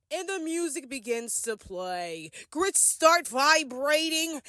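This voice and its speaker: A woman's voice: high voice, animated, slow, hardly any pauses, pushed and bright, no echo, clean studio sound. A woman giving a casual, sassy and slangy recap commentary of a reality show episode. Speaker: commentary vlogger.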